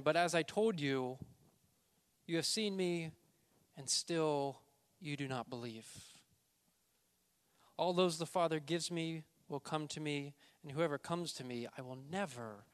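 A man preaching a sermon, emphatic, slowing down and stressing key words. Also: on the high side. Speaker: pastor.

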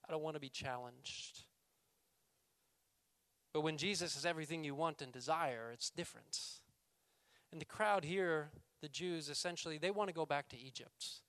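A male pastor preaching a sermon, raising his voice for scripture quotes and dropping low and quiet for emphasis. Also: normal speed, clean tone, dry recording. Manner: reads scripture quotes with raised voice, then drops to quiet emphasis.

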